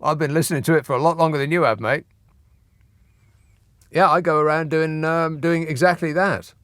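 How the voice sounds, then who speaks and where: A man's voice: on the high side, normal speed, fairly bright tone, no echo. A man hosting a radio phone-in, talking in a dry, sardonic way. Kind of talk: late-night radio talk.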